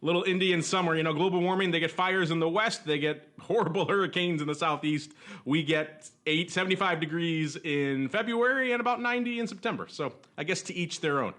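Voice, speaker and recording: A man's voice: on the high side, a little fast, fairly bright tone. A man hosting a podcast in casual chat, jokey and rambling with frequent chuckles. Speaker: podcast host.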